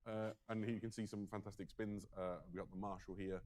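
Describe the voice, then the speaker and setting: A man's voice: lowish voice, flat delivery, fast, a little mellow. Hesitant male reveal presenter. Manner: hesitant, many fillers, enthusiastic. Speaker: presenter on a product reveal broadcast. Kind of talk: live presentation.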